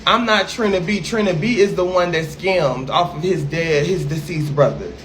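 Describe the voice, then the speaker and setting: A man with a high voice rants on a livestream, brash, sassy and full of swearing. He talks straight to his viewers and his critics. A faint hiss sits under the audio. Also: moderate pace, a bit bright. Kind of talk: ranting livestream.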